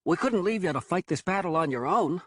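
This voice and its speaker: Guy doing a young rebel woman, brisk and practical, dry close sound. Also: high voice, animated, a bit bright, no room sound, voice pushed up. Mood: teasing.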